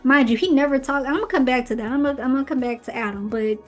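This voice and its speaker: A woman's voice: high voice, very fast. A woman hosting her own podcast, casually recapping a book series in a chatty, opinionated way with playful asides. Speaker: podcast host reviewing books. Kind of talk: casual commentary. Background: faint background music.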